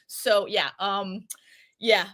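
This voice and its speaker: A woman chatting casually as a podcast co-host, excitable and profane, telling it with lots of energy. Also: mid-range voice, extremely slow. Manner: excitable, profane, animated storytelling. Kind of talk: casual chat.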